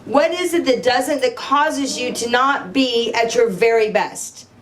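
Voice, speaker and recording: A woman in middle age speaks to a live audience from a stage, her voice pitched on the high side. She tells personal stories with energy, playing out both sides of conversations and drawing the crowd in with questions. A faint hum of room noise sits behind her. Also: a little slow. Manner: animated storytelling, acting out dialogue, asking the crowd questions. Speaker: motivational speaker. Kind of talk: live motivational talk to an audience.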